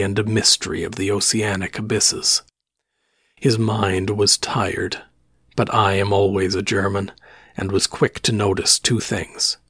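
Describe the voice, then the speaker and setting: Husky low-voiced male horror narrator. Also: fairly bright tone, no echo, clean studio sound. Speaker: audiobook narrator. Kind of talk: scripted first-person horror narration.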